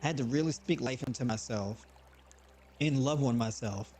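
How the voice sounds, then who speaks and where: A man hosting a live online show, talking casually and motivationally with frequent repeats and animated bursts. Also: mid-range voice, normal speed, a little hiss or hum. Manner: conversational, repeats words, rising to animated bursts.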